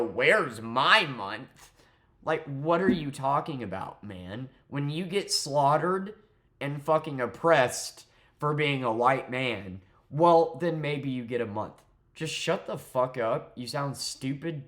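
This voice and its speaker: A young man, delivering a heated, profane, sarcastic political rant straight to camera. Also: medium pitch. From southern United States. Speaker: vlogger.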